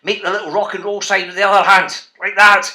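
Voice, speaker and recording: Scottish guy doing a fun book talk for schoolkids, bright voice, really bouncy. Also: high voice, little pitch movement, quick pace. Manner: bouncy, playful, calls out to the kids. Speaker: children's author presenting a reading show. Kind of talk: lively talk to school classes.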